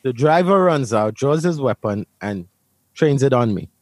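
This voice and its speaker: A man's voice: medium pitch, expressive, moderate pace, a little mellow, dry recording. A man from Brooklyn, New York, telling a personal story to an interviewer in a vivid, emphatic way, often repeating his words. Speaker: interview guest. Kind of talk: storytelling in conversation.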